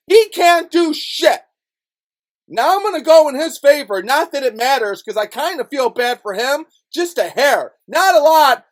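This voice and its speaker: A man from Chicago on his YouTube channel, delivering a heated, profane, repetitive rant. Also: very high voice. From Chicago, USA. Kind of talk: ranting monologue vlog.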